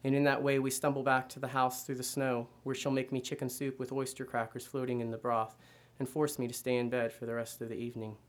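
Guy reading a story out loud, flat steady voice, mid pitch, calm even pacing. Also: quick pace, few pauses. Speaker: reader. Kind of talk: first-person literary reading.

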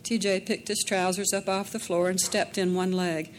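A woman's voice: on the low side, level tone, moderate pace, slight background noise. Woman narrating a dramatic audiobook.

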